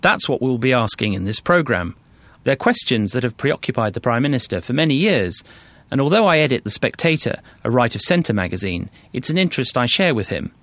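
A man from London presenting a radio documentary, scripted narration in a measured, wry way. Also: medium pitch, sing-song, a bit bright, no room sound.

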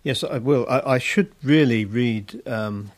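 A man from London, an author reading aloud and answering questions thoughtfully, with pauses and fillers. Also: mid-range voice, dry recording.

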